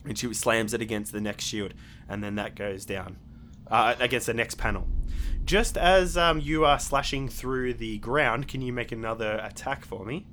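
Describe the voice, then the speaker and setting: A man's voice: mid-range voice, moderate pace, fairly bright tone, a little hiss or hum. A man narrating as game master of a tabletop game, rambling with many fillers and restarts.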